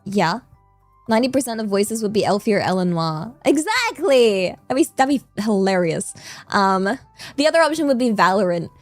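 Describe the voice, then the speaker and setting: A woman's voice: medium pitch, big pitch swings, normal speed, no echo, faint music behind. A woman streamer chatting casually with her viewers, rambling along with lots of fillers and repeated yeahs. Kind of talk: casual live-stream chat.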